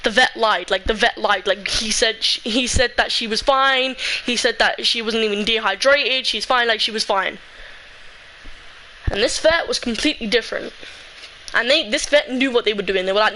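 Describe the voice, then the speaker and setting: A woman's voice: fairly high pitch, moderate pace, bright, forceful tone, low-quality recording. A young woman telling a personal story in a casual, emotional, rambling way, full of "like".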